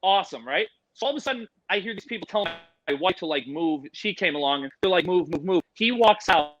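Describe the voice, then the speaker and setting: A man telling animal-handling stories in a casual, animated, profane way. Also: high voice, fast, highs cut off, a little hiss or hum. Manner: animated, profane, acts out quotes.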